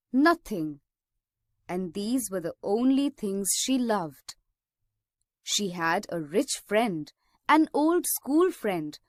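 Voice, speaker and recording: A woman teacher reads a story aloud for a lesson, in a slow and deliberate way. Her voice sits a little high and stays expressive. The recording is dry and close. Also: dry recording.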